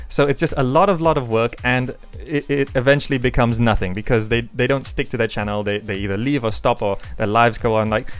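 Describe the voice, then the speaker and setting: Guy answering fan questions on his gaming channel, smooth clear voice, lots of uhs, some soft music behind. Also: medium pitch. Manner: rambling, chatty, frequent hesitations. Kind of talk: casual Q&A vlog. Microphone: desk microphone. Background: faint background music.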